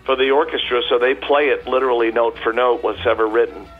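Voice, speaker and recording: A man's voice: medium pitch, steady tone, fast talker, phone-quality sound, faint music behind. A man guest on a radio interview, a chatty storyteller with many fillers and restarts. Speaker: tribute performer guest.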